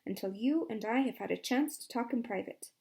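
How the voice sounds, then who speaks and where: A woman voicing a sharp-tongued, fierce female lawyer in a storybook reading, talking forcefully. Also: a little high, a little fast, creaky. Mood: firm. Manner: forceful, snapping.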